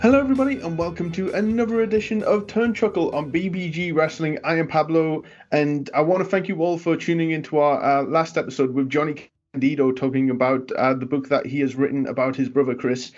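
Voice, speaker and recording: A man with a softened Geordie accent hosting a casual interview podcast, chatty and laughing often, with plenty of fillers. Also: fairly high pitch, fairly even intonation, fairly quick, few pauses, dull audio, soft background music. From England. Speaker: podcast host.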